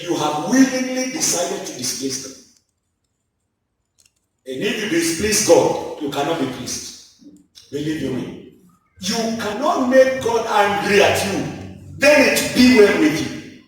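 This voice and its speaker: A man's voice: high-pitched, animated, unhurried. A man preaching a sermon with emphatic repetition and scripture quotes, from Kenya. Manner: emphatic preaching, repeating key lines, quoting scripture. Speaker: apostle preaching. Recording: echoey church hall, voice from far off.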